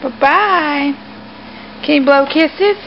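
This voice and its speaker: A woman gently quizzing a toddler in a coaxing, sing-song home-video voice. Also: high voice, slow, gravelly. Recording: lo-fi home camcorder with faint hiss.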